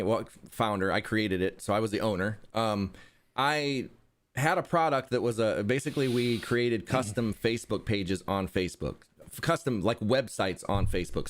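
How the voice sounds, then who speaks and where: A man speaking as a guest in a casual interview, his voice pitched somewhat low. He rambles with halting restarts and a dry sense of humor. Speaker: interview guest, content creator. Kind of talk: casual conversation.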